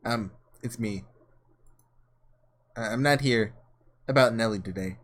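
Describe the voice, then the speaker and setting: A man reading aloud the halting first-person narration of a guilt-ridden young man in a visual novel. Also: fairly low pitch, slight background noise, voice pushed down, natural voice.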